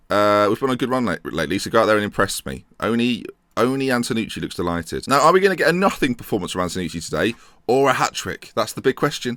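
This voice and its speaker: A young man giving excitable, jokey let's-play commentary on a football management game, thinking aloud as he goes. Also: medium pitch, dry recording, studio quality. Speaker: gaming YouTuber.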